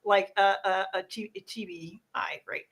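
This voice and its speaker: A woman's voice: mid-range voice, steady tone, normal speed, a bit bright. A woman from the United States chatting casually, rambling with many restarts. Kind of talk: casual chat.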